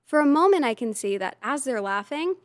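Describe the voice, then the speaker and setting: A lively woman talking through her past on a podcast, dropping into little quoted voices as she goes. Her voice sits fairly high. The sound is close and completely dry. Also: a little fast, dry recording. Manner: animated, lively storyteller who slips into quoted voices. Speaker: podcast guest. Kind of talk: casual storytelling in conversation.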